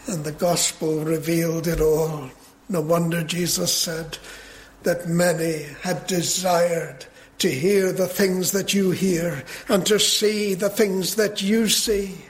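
A man preaching a sermon in a measured way, building to emphatic peaks. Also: a little high, slight background noise.

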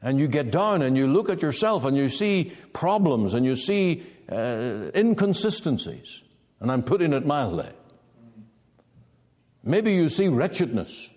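Preacher guy, slow deliberate sermon, voice rising and dropping a lot, long hall echo. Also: very animated, darkish tone. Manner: emphatic preaching with sweeping pitch swings.

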